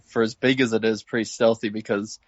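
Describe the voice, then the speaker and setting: A man's voice: on the low side, flat delivery, a little fast, dry recording. A man co-hosting a podcast, describing film moments in an easygoing way. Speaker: podcast co-host. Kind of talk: casual film discussion. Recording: dull lo-fi dry sound.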